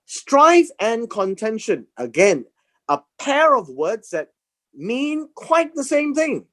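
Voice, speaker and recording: Slow and hesitant, this high-voiced teacher reads scripture aloud in his Bible class and explains the meaning of Hebrew words. Fillers and repeated words crop up frequently as he lectures.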